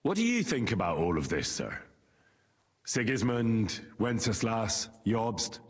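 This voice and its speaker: An actor playing an earnest young medieval squire who asks direct, inquisitive questions, in video game voice acting. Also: male voice, fairly low pitch, big pitch swings, measured pace. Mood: questioning.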